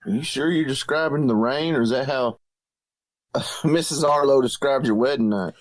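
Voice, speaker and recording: A man's voice: medium pitch, moderate pace, no room sound. Male co-host, teasing and easygoing, dry close-mic sound. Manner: teasing, laid-back. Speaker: podcast co-host. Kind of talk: casual banter.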